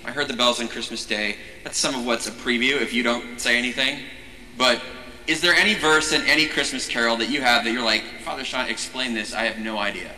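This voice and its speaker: A man's voice: medium pitch, a little fast, slight background noise. A man who is a Catholic priest, giving a casual, jokey teaching talk and often stopping to restart his sentences. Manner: animated, jokey, self-interrupting. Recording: echoey hall with long reverb.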